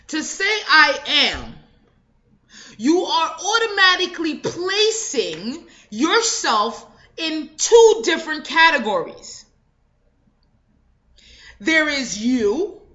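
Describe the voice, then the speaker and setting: A woman delivers an emphatic motivational speech in a bright, high voice that swings widely in pitch. She repeats affirmations at a slow, deliberate pace. The recording sounds dull and lo-fi. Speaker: motivational speaker.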